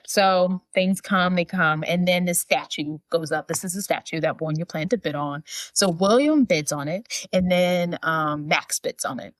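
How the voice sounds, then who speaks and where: Woman podcast co-host, deep voice, loose chatty plot retelling, dry recording. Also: moderate pace, dry recording. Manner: rambling plot narration with fillers. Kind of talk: casual movie recap chat.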